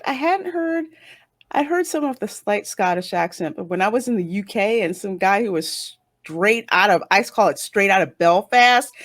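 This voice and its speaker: A woman's voice: medium pitch, no echo, studio quality. A woman with a Northeastern American accent hosting a casual interview, chatty and laughing often as she acts out what people say. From northern United States. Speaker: interview host. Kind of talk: casual online interview chat.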